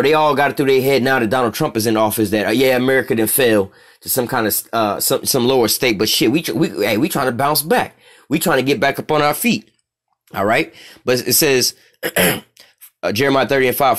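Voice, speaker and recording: A man's voice: medium pitch, brisk. A man teaching scripture in a loose street style, profane and rambling, constantly checking in with "all right?".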